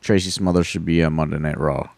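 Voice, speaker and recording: A man's voice: sits low, fairly even intonation, fast talker, a little mellow, no echo. A man co-hosting a podcast, asking questions in a blunt, wisecracking way. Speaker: podcast co-host. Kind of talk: casual podcast chat.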